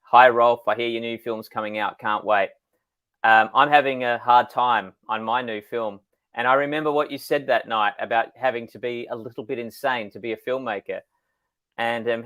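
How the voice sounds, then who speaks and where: Male guest co-host, relaxed storyteller, a touch sardonic, on a video call. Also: mid-range voice. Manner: easygoing storyteller, laughs easily, a bit sardonic. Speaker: filmmaker co-host. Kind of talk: casual chat on a livestream.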